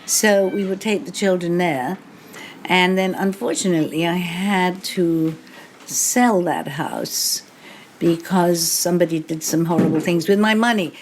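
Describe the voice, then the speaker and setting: At a bookshop event with an audience, an older English author, interviewed live, relates stories in a dry, anecdotal manner and laughs a lot. She speaks a little slowly in a lowish voice, and there's a slight hiss or hum on the recording.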